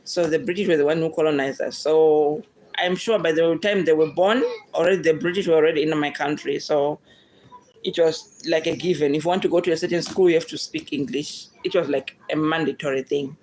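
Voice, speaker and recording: Chatty Zimbabwean woman with a low voice. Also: fairly quick, a little mellow, slight background noise, rough recording. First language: Shona. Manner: chatty, addresses viewers directly as "guys", laughs often. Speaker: YouTuber answering viewer questions. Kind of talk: casual Q&A vlog chat.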